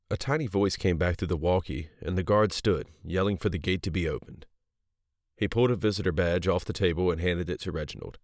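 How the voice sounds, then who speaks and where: A man with a very deep voice reads a story aloud in a steady, even narrating manner. The recording is dry and close, with no room sound. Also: dry recording. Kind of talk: audiobook narration.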